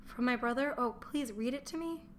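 A woman reading the lines of a meek young Roman wife who is anxious to please her husband, in a mild, soft-spoken manner, as an audiobook character voice. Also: fairly high pitch, moderate pace, a little hiss or hum, pitched above the performer's own voice, lightly acted.

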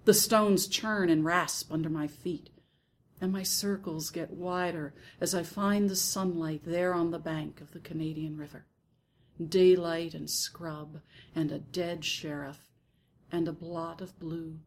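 A woman narrating a first-person literary story in a soft, hushed, intimate reading. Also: lowish voice, fairly even intonation, measured pace, slight background noise. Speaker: audiobook narrator.

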